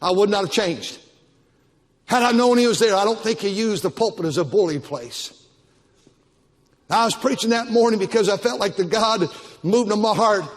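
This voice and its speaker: A man's voice: high-pitched, moderate pace. An older man preaching a Baptist sermon as pastor, with emphatic, repetitive exhortation. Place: church auditorium. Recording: long church-hall reverb.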